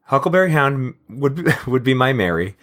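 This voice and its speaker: A man's voice: medium pitch, big pitch swings, normal speed, fairly bright tone. A man co-hosting a casual podcast, hesitant and full of fillers. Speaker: podcast co-host.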